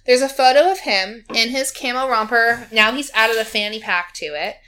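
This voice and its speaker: On a podcast, a female co-host animatedly recaps a reality show for a friend in casual conversation, quoting the cast and laughing often. Her voice is slightly high and sharp in tone, and she speaks at a moderate pace.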